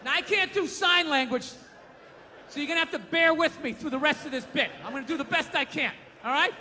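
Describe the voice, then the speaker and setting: A man doing a stand-up comedy routine, telling a story in a loud, exasperated, profane way at a live venue. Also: extremely high pitch, a little fast, a little hiss or hum. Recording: live stage mic in a hall.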